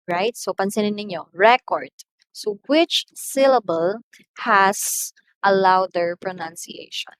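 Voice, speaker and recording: A woman with a Filipino accent teaching an English lesson, slowly and deliberately, stressing example words loudly. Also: on the low side, dry recording, rough recording. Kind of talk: recorded lesson.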